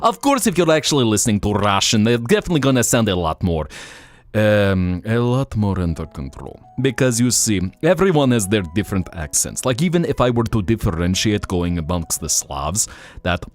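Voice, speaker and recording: A man hosting a live stream, chatting casually in an animated, rambling, jokey way. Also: fairly low pitch, brisk.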